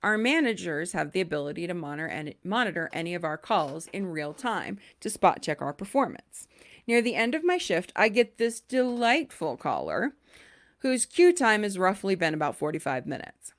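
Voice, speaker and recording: Animated, blunt woman podcast host. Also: lowish voice, normal speed. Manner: animated and blunt, swears freely. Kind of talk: casual chat, reading listener stories aloud.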